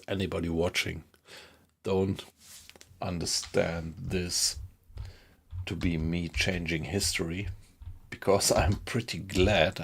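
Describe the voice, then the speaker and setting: A man's voice: sits low, gravelly, slight background noise. A man talking earnestly to his viewers during a live gameplay stream. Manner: earnest, addressing viewers directly. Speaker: game streamer.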